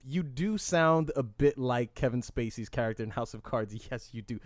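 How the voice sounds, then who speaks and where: A man's voice: mid-range voice, normal speed, dry recording, clean studio sound. A man hosting a podcast, talking casually in brash, joking bursts. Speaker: podcast host. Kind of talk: casual chat.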